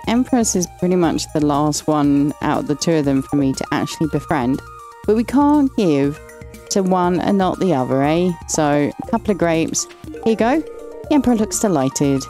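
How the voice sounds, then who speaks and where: A woman's voice: fairly low pitch, dark tone. An English woman giving casual, chatty commentary while playing and reading game dialogue aloud, affectionately calling characters "lovely". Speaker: gaming channel host.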